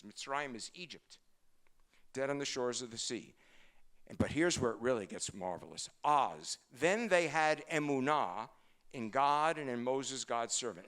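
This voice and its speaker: Fast-talking rabbi, smooth voice. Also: male voice, on the high side. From Brooklyn, New York. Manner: fast-talking, joking, animated storytelling. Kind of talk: humorous sermon.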